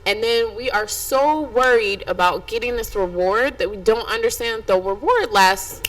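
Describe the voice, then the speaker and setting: A woman's voice: fairly high pitch, very animated, normal speed, fairly bright tone, slight background noise, low-quality recording. A young adult woman hosting a podcast, talking frankly and emotionally straight to her listeners. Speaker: podcast host. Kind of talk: candid podcast monologue.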